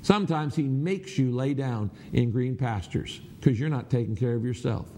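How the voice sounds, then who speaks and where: A man's voice: medium pitch, normal speed, hardly any pauses, mellow. A middle-aged man preaching a sermon, teaching in an earnest, emphatic way with prayerful asides. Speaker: pastor.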